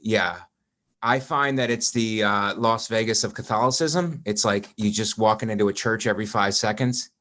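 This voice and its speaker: A man hosting a podcast in casual chat, asking dry, teasing questions with a deadpan delivery. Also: on the low side, normal speed. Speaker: podcast host.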